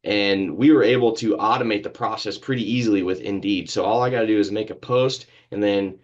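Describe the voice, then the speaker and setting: A man, a business owner and podcast guest, explaining how he runs his company in a steady, matter-of-fact way. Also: fairly low pitch, fairly quick, dull audio. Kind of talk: casual interview talk.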